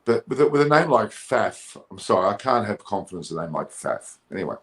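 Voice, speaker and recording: A man's voice: a little fast, rough recording. Middle-aged man, cricket show co-host, jokey banter, voice climbs sharply when worked up. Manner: animated, jokey, rises high when indignant. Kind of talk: casual cricket chat. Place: Coogee, Australia.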